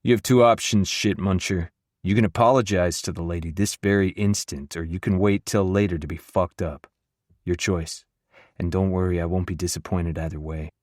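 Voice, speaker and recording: Guy doing a deep-voiced alpha werewolf, laid back but scary, super dry sound. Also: steady tone, moderate pace, dry recording. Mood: menacing. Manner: easygoing yet assertive, quietly threatening. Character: towering alpha werewolf man, calm and menacing. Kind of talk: audiobook character voice.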